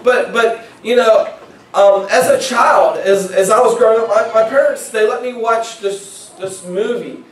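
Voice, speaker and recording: A man's voice: high-pitched, a little slow. A male pastor preaching a sermon in a conversational way, often repeating words as he starts a phrase. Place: church sanctuary. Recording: echoey church from far off.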